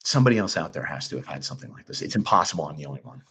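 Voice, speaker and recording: A man recounting a personal encounter as a podcast guest, talking in a halting, earnest way with many restarts. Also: rumbling low, expressive, fairly bright tone, slight background noise. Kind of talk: casual storytelling.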